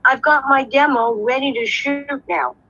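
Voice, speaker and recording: A woman's voice: sits high, steady tone, moderate pace, fairly bright tone, muffled recording. A woman guest on a video call, chatting in a rambling, self-mocking way about her week and her writing. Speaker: guest writer and actor. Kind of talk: casual video call chat.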